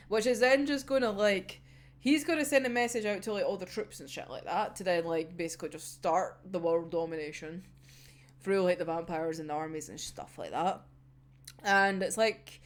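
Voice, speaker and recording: A woman's voice: mid-range voice, very animated, moderate pace. A young woman with a Scottish accent chatting casually about an anime episode, swearing freely and laughing often. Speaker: anime reviewer.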